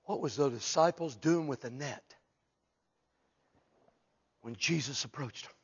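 A man preaching a humorous sermon, acting out voices and shouting for emphasis. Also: mid-range voice, unhurried, slightly rough, highs cut off. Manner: animated, jokes and acts out voices, shouts for emphasis.

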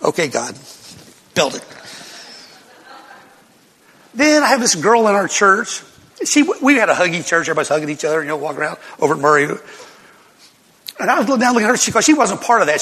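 A folksy older male pastor, storytelling from the pulpit in a high, bright voice with a husky edge. His words ring out through a big hall with long reverb. He flares up into loud bursts when a story heats up. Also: quick pace, pauses often. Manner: folksy, animated storytelling with sudden loud outbursts and laughs. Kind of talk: sermon storytelling.

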